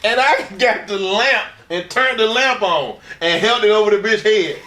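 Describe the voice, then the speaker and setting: Guy telling wild profane stories, laughs a lot, kinda high voice. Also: moderate pace, pushed and bright, echoey room. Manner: crude, rambling, laughs through his stories. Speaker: interview guest. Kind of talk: profane shoot-interview storytelling.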